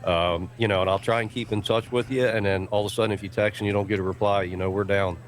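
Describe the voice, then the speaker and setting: Deep voiced middle-aged guy cohosting radio, chatty, cracking little jokes. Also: steady tone, quick pace. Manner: jokey, chatty storyteller. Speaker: radio show co-host. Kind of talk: casual radio chat.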